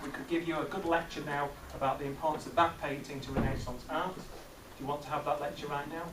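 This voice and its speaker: A middle-aged male teacher runs a maths master class, teaching and quizzing pupils in a lively, questioning way. His voice sits on the high side and he talks fast. The recording is from a distant mic in a classroom, echoey and noisy.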